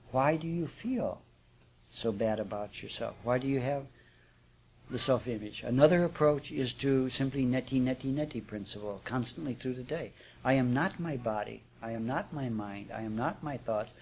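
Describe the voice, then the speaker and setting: A man at a middling pitch teaches a spiritual class before a live audience. He talks in a relaxed, conversational way, checks in with his listeners as he goes, and chuckles now and then. A faint hiss sits under the recording. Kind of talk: live class talk on yoga and affirmations.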